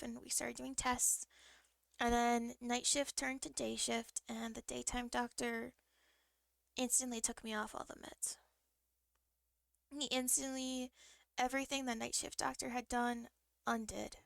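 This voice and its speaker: Gravelly-voiced woman streamer rambling through a story. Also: on the high side, dry recording, clean studio sound. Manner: rambling, full of fillers and restarts; emotional, vivid retelling. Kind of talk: casual storytelling.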